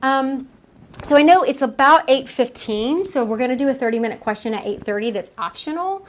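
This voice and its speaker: A woman's voice: sits high, brisk. A woman medium giving a casual lecture to a live audience, chatty and acting out the voices in her stories with frequent laughs. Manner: chatty, acts out quoted dialogue, laughs often. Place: room with a small audience.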